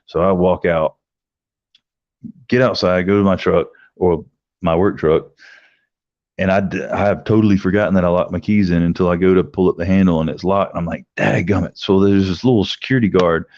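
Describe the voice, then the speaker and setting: Deep-voiced man telling a rambling story. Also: fairly even intonation, fairly quick, a little mellow, no room sound. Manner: rambling, profane, acts out quotes with raised pitch. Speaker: livestream host telling a story. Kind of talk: casual storytelling. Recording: dry, slightly dull lo-fi sound.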